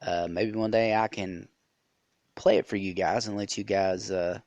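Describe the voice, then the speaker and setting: A man's voice: on the low side, steady tone, unhurried, a little mellow, dry recording. A man hosting a podcast, telling a rambling story with many fillers and restarts. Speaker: podcast host. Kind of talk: casual storytelling monologue.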